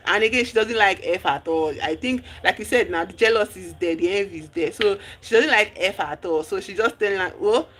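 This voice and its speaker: A streamer, recapping a movie in casual chat, telling the story with lively exclamations and acting out the characters' lines. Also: mid-range voice, brisk, hardly any pauses. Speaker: livestream host.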